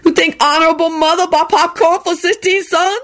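A woman voicing a young man who speaks in halting broken English, slow and solemn. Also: very high-pitched, steady tone, a bit bright, pitched above the performer's own voice. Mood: earnest.

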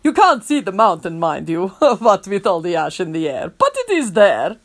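A calm, unbothered cart driver in a storybook, speaking plainly and matter-of-factly, as a woman reader puts him on. His lines still bounce with a lively lilt. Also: mid-range voice, moderate pace, voice pushed down.

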